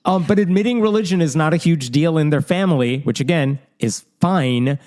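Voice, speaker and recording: A man's voice: on the high side, a little fast, darkish tone. A man co-hosting a casual podcast, wry, reading out quotes and commenting on them. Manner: wry, reads quotes aloud. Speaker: podcast co-host. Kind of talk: casual chat.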